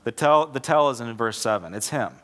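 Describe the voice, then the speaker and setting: A man's voice: medium pitch, lively intonation, fairly quick, a bit bright. A young man preaches to his church in an easy, chatty way and often starts a phrase over. His voice sits in an ordinary middle range. He speaks as if telling a story to friends. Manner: conversational, repeats and restarts words, acts out quoted characters. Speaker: pastor. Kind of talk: sermon with a joke told as illustration.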